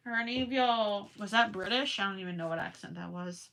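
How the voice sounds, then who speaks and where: A young woman from Minnesota, accent and all, hosts a late-night crochet livestream, chatting and rambling with viewers as she works and sounding a bit tired. Her mid-range voice is fairly quick, creaky, and a bit bright, with few pauses.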